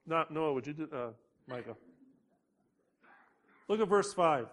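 A man preaching a sermon, slow and deliberate, building emphasis on key words. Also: fairly high pitch, expressive, fairly bright tone. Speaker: pastor.

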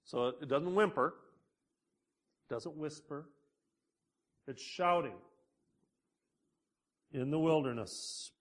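A man preaching a sermon, slow and deliberate, building emphasis on key words. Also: on the high side. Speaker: pastor.

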